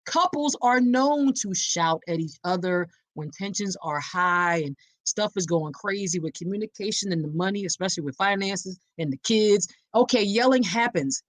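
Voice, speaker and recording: A woman hosting an awareness podcast. She preaches straight to her listeners, calls them y'all, and lands her points with punchy emphasis and dramatic pauses. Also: medium pitch, no room sound. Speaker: podcast host.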